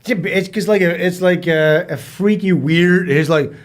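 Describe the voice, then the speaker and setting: A man's voice: sits high, moderate pace. A man hosting a live stream, trading crude jokes and banter with a co-host. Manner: joking, vulgar, mimics voices.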